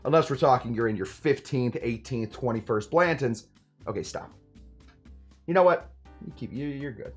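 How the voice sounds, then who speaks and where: A man in his forties, a bartender hosting a casual livestream, chatting with viewers in a lively way and stumbling over a tricky word. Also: medium pitch, moderate pace, slightly rough, soft background music. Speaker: host and bartender. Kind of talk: casual livestream chat reading viewer comments.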